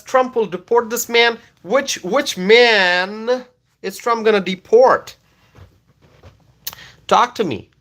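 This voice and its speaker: A man from Bangladesh reads his live stream chat aloud in a voice that sits high with a fairly bright tone. He laughs and repeats questions back as he answers.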